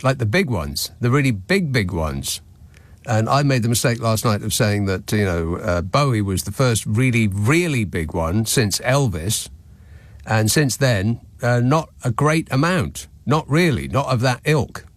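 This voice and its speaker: A man's voice: mid-range voice, lively intonation, measured pace, no room sound. A man hosting a radio phone-in, talking in a dry, wry, conversational way. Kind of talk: radio talk show. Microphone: studio microphone.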